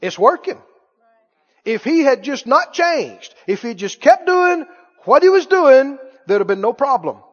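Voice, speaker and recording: Man, preacher, very high voice, emphatic and repetitive, long hall echo, muffled sound. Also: sing-song. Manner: emphatic, repeats key phrases, quick asides with laughter. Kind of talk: sermon. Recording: muffled reverberant hall recording.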